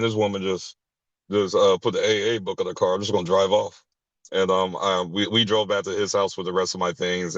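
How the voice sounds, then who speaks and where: A man's voice: dry recording, muffled recording. A man candidly telling a personal story at a recovery sharing meeting, blunt and profane, often restarting his sentences. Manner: blunt and profane, with frequent restarts and short laughs; acts out others' lines with sharp jumps in pitch.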